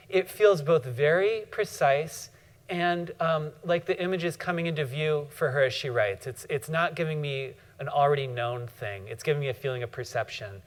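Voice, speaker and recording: A man giving a thoughtful classroom lecture on poetry, often pausing and reading poem lines slowly. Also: fairly high pitch. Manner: frequent fillers and restarts.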